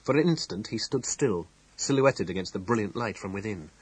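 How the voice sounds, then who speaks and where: A man reads a mystery story aloud in a measured, expressive way. His voice is low and husky, and his pitch moves with a lively lilt, close and dry on the mic. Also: dry recording, poor audio. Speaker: audiobook narrator. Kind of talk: scripted narration.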